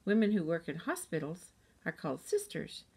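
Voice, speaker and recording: A woman voicing a quiet, reserved young girl in a storybook, polite but firm and cool. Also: fairly low pitch, sing-song, moderate pace, breathy edge, full character voice.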